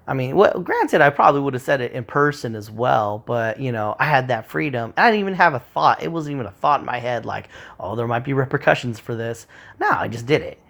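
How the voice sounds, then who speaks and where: A man with a gravelly, creaky voice talks in a loose, rambling monologue. He swears freely and slips into short acted-out quotes as he makes his points. His pitch sits in an ordinary middle range. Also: big pitch swings, a little fast, few pauses, fairly bright tone.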